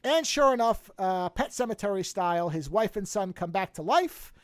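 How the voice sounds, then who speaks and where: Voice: mid-range voice, normal speed, dry recording, clean studio sound. A podcast host casually retelling a movie plot and acting out the characters' lines in different voices. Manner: animated, acts out quotes with shifting voices.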